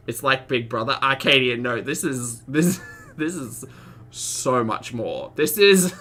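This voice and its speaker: Male streamer, chatty and giggly, reacting live; very lively, bright tone. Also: medium pitch. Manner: chatty, laughs often, greets chat viewers. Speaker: commentary streamer.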